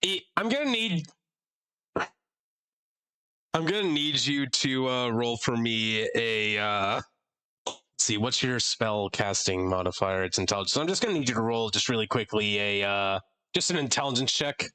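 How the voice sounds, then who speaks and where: A young man running a tabletop game as dungeon master, chatty and halting, with frequent fillers and laughs. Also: mid-range voice, lively intonation, pushed and bright, smooth.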